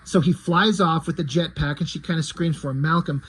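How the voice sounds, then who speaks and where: A man talks through his comic story panel by panel, in a casual, conversational way with fillers. His voice is slightly high and husky. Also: fairly quick.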